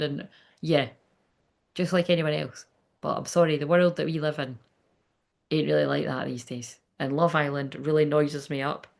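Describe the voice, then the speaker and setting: A woman's voice: low voice, gravelly. A woman medium chatting casually during a live reading, rambling, laughing often and swearing freely. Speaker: psychic medium.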